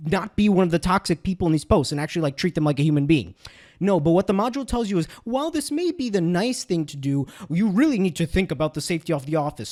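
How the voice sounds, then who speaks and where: A young man with a high-pitched voice rants sarcastically in a loose, casual commentary. He keeps slipping into quick impressions of other people. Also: darkish tone. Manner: sarcastic, ranting, mimics others in quotes. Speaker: commentary video host.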